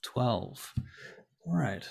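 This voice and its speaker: A man narrating as game master of a tabletop game, halting and searching for words as he describes scenes. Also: medium pitch, sing-song, gravelly, darkish tone, breathy edge.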